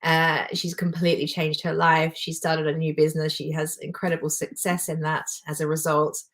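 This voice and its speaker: Woman in her forties, life coach, low voice, heartfelt and personal, live motivational talk. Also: flat delivery, normal speed. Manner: heartfelt, emotional, warmly personal.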